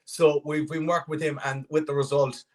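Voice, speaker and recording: A man's voice: on the high side, flat delivery, a little fast. An Irish man from the west of Ireland, a country singer chatting upbeat as a radio interview guest, often restarting his sentences. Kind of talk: casual radio interview chat.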